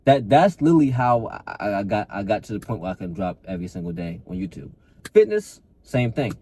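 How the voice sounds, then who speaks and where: A man's voice: mid-range voice, sing-song, a little fast, vocal fry, dark tone, husky. A man, a fitness coach, giving a blunt, profane, repetitive motivational talk to camera and calling the listener bro.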